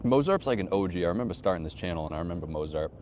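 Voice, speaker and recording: A man's voice: low voice, lively intonation, racing, darkish tone, dull audio. A man hosting a casual livestream while hiking a snowy trail outdoors, bantering loosely and swearing as he reads chat aloud. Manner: loose, profane, joking banter with viewers. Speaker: livestream host reading chat. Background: wind.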